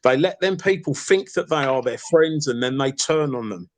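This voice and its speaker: A man's voice: mid-range voice, expressive, moderate pace. A man arguing on an online call, rambling and insistent, full of fillers and calling people fella and mate. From East London. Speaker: participant in an online call-in argument. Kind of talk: heated casual argument.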